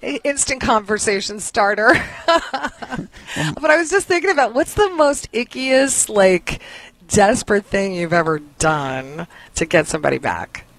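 A woman's voice: mid-range voice, measured pace. Laughing woman in casual chat. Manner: laughs often, animated storytelling.

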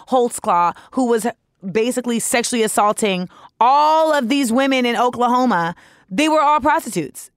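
A woman's voice: mid-range voice, no room sound, clean studio sound. A woman hosting a podcast, talking alone in a candid, opinionated way, with frank swearing and joking asides. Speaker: podcast host. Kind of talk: casual solo monologue.

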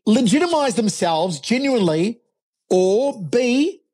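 An Australian man in his forties, a fight commentator, telling animated stories as a guest on a podcast. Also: extremely high pitch, slow. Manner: animated storyteller, laughs often. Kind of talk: podcast interview storytelling.

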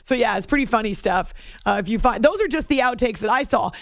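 A woman's voice: fairly high pitch, animated, fast talker, no echo, studio quality. A woman hosting a morning radio show, chatting casually and self-deprecatingly, laughing often.

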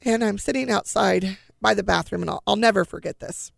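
A middle-aged woman earnestly telling her family's story, pausing and restarting as she relives each scene in quoted dialogue. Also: medium pitch, gravelly, dry recording, studio quality. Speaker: guest sharing a family story. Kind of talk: emotional personal storytelling.

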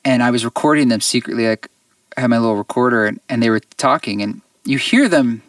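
A man, a musician guest on an interview show, tells a personal story in an earnest, reflective way with halting restarts. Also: medium pitch, a bit bright, dry recording, recorded from a distance.

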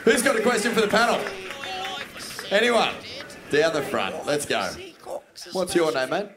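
A high-pitched man hosts a live panel in a brisk, matey way. Loud music plays under his voice throughout. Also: sing-song. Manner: brisk, matey, calls on the crowd. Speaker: host. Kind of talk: live panel hosting with an audience Q&A.

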